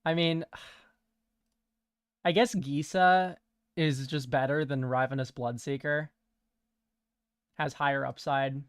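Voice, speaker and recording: A young man giving relaxed, chatty commentary while playing a card game, laughing often and using casual slang. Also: on the high side, slow pace, long pauses, clear, resonant tone, no room sound, clean studio sound. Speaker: streamer.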